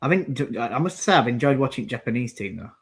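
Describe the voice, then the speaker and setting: A man's voice: mid-range voice, animated, a little fast, a bit bright, husky. A man co-hosting a football watchalong, calling out substitutions and grumbling about the play. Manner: rambling, calls out substitutions and plays. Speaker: co-host commentating on the match. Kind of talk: casual football watchalong chat.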